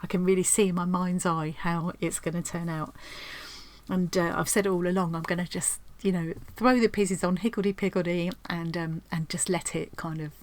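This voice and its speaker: A woman's voice: lowish voice, fairly even intonation, normal speed. A woman chatting at home in a craft vlog, rambling and effusive, often restarting her sentences. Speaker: craft vlogger. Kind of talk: casual chat while opening post.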